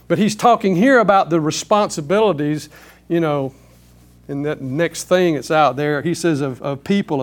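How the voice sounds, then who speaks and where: A man leading a Bible study, teaching emphatically with rhetorical questions. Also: on the high side.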